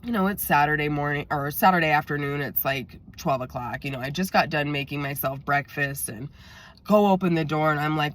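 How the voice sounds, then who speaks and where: A woman's voice: low voice, fairly quick, no echo. A woman vlogger telling a story in a chatty way, talking straight to her viewers and acting out what was said. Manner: chatty, addresses viewers directly, acts out quotes. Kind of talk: storytelling vlog.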